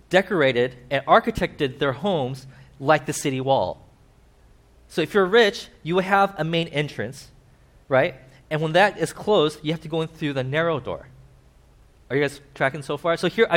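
A man giving a casual sermon with slides, animated, asking his listeners questions and acting out little voices. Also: fairly high pitch. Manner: animated, acts out voices, asks the audience questions. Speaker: preacher.

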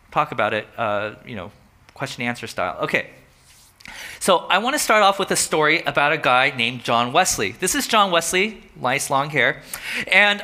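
A man preaching a sermon in a relaxed, conversational way, telling a story and lifting his voice when he quotes. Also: a little high. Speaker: pastor.

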